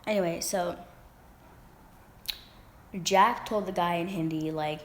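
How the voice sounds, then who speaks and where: A young woman chatting straight to camera in a loose storytime vlog, circling back and restarting her sentences. Her voice sits a little low for a woman. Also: steady tone, normal speed, long pauses. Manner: rambling, with many fillers and restarts. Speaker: vlogger. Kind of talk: casual storytime chat.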